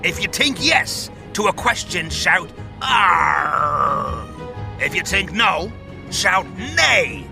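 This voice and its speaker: A man doing a gravelly British pirate. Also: sits high, expressive, drawn-out words, heavily acted. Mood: boisterous. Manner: bossy, dropped-grammar pirate talk. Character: gruff boastful male pirate with a British accent. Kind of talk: children's educational podcast character. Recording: music playing under the voice.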